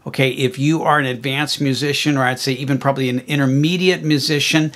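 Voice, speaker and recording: A man teaching music, walking through a software tutorial in a friendly, explanatory way with plenty of okays and ums. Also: mid-range voice, steady tone, fast talker. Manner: friendly, explanatory, fillers like okay and um. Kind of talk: screen-recorded software tutorial.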